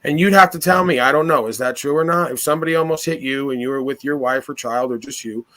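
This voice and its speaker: A man at a middle pitch leads a casual philosophical podcast chat. He talks earnestly and probes with one rhetorical question after another. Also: fast talker, a bit bright. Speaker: podcast host.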